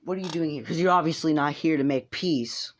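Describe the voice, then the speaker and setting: A man voicing a furious, protective mother who shouts and repeats herself, in a casually told fan story. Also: a little high, a little fast, natural voice.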